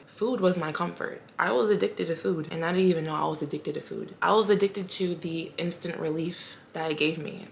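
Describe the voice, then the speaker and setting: A young woman telling her personal story in a vlog, emotional and halting, pausing often to steady herself. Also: on the low side, a little hiss or hum. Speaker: vlogger.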